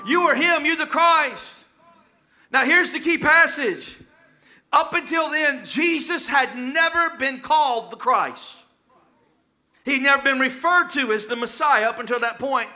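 A man preaching a sermon in call-and-response style, often shouting and chanting his lines. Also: very high voice, measured pace.

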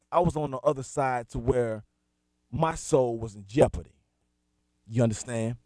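A man's voice: on the high side, a little mellow, dry recording, studio quality. A man hosting a Christian talk radio show, preaching in a direct, emphatic way. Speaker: radio host and minister.

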